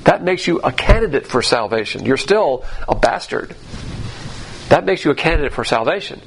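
A man's voice: mid-range voice, animated, normal speed, gravelly, a little hiss or hum. A man teaching the Bible in a sermon, emphatic and sarcastic as he mocks the views he quotes.

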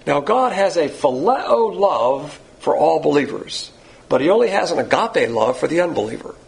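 A man's voice: on the high side, big pitch swings, moderate pace, creaky. A man teaching a Bible lesson in a blunt, lecturing sermon style, pointing to words he has written up. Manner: blunt, lecturing, uses a board.

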